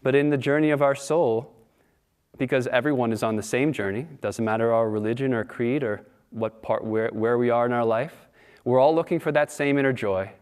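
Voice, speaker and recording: A man's voice: mid-range voice, smooth. A man giving a Sunday service talk in an easy storytelling sermon style, often asking his listeners questions. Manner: warm storytelling, asks the audience questions.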